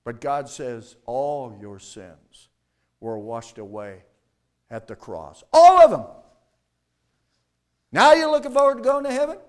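A male pastor preaching a sermon, calling for replies from the congregation and swinging between loud emphatic lines and quiet low ones. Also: sing-song, a little slow.

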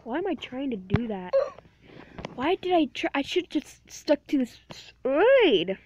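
A woman's voice: sits high, big pitch swings, unhurried, darkish tone, dull audio, slight background noise. A woman giving casual, playful gameplay commentary, rambling and talking to herself. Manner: rambling, playful self-talk. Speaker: gameplay video host.

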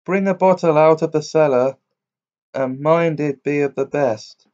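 A man's voice: mid-range voice, slow, warm tone, highs cut off, close to an everyday voice. A man reading a fairy tale aloud, voicing an imperious robber captain who gives orders. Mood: commanding. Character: commanding male robber captain.

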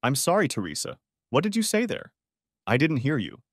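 A man's voice: medium pitch, huge pitch swings, moderate pace, dry recording, clean studio sound, voice pushed up. Man playing an anxious, stammering young man, polite, storybook reading. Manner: stammering, apologetic. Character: awkward young man, nervous and polite, stammers when put on the spot.

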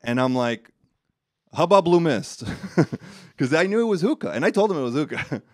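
A man's voice: mid-range voice, a little fast, no room sound, clean studio sound. A young man hosting a casual comedy podcast, telling stories and laughing often. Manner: joking, animated storytelling, laughs often. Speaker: podcast host.

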